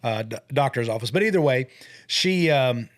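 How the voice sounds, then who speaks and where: A middle-aged man, telling a long rambling story as a podcast guest, animated and laughing at his own jokes. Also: mid-range voice, normal speed, no echo, clean studio sound. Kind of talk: casual storytelling.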